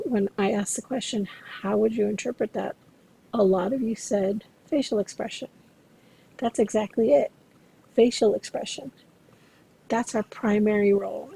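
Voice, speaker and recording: Woman lecturer, recorded class, mellow voice with some fry, steady explanatory delivery. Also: mid-range voice, low-quality recording. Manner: explanatory, measured, addresses students directly. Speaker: interpreting instructor.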